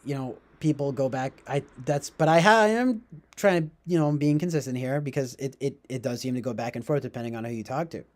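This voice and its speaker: A man's voice: mid-range voice, quick pace. Rambling young man, livestream host. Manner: rambling, heavy with fillers and self-corrections; chuckles often while talking. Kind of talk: casual rambling livestream talk.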